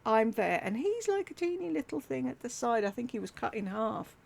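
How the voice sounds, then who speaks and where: A woman's voice: fairly high pitch, very animated, fairly quick, creaky. A middle-aged woman, candidly telling a personal family story with wry humour and the odd swear word. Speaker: YouTuber telling a life story. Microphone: desktop USB mic.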